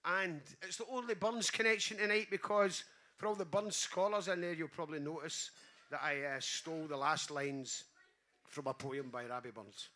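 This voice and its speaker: A man's voice: a little high, normal speed, pushed and bright. A Scottish man performing his poems on a small stage, earnest and sweary in his asides to the audience. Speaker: poet. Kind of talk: live spoken-word performance. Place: small live venue stage.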